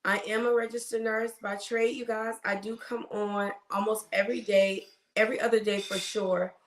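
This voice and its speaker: A woman's voice: mid-range voice, little pitch movement, normal speed. A woman hosting a casual livestream as a nurse, chatting and greeting viewers by name, with a cough. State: has a cough. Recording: roomy echo.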